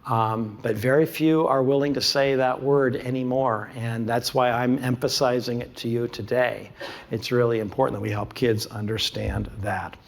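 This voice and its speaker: A man's voice: medium pitch, steady tone, moderate pace, vocal fry. Emphatic man giving a talk. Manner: emphatic, repeats key points, asks rhetorical questions. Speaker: conference speaker presenting a curriculum. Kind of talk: presentation talk to an audience.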